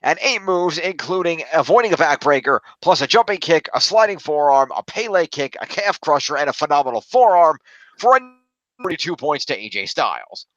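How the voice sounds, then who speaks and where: A man's voice: fairly high pitch, big pitch swings, a little fast, fairly bright tone, no echo, highs cut off. A man co-hosting a casual podcast, reading out scores with a dry, sarcastic manner. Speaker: podcast co-host. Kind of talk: casual chat.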